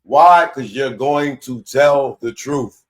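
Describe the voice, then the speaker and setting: A man, hosting a live commentary show in a casual, animated way that keeps repeating his points. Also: mid-range voice, slow pace. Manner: animated, laughing, repeats himself.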